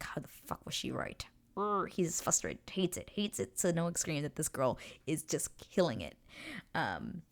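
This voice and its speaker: Young woman reaction host, low gravelly voice, lively swooping delivery, casual and profane, acts out lines. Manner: excited, swears casually, acts out characters' lines.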